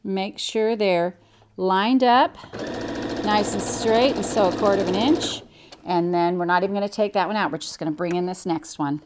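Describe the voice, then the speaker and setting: A woman's voice: medium pitch, normal speed, noisy background. An older woman from the United States, a quilting instructor giving a chatty, cheerful step-by-step demonstration. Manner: chatty, cheerful, enthusiastic about the work. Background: sewing machine.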